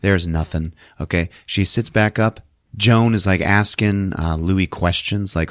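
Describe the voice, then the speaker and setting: A man hosting a podcast who recaps a movie in an animated, profane, casual way on a close mic. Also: low voice, unhurried, dry recording. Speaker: podcast host.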